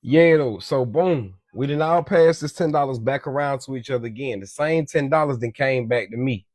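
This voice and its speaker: Speaking about money as a social media commentator, a man uses a medium-pitched, darkish voice at moderate pace, with clean studio sound and no room sound. His talk is casual, profane and preachy, repeating "you dig me" and calling listeners "beloved."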